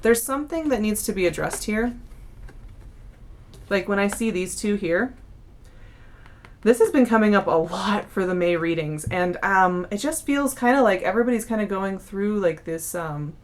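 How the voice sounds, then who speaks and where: Chatty and warm, this young tarot reader goes through a casual monthly reading at a moderate pace. Her mid-range voice is animated, and her speech is full of fillers and false starts.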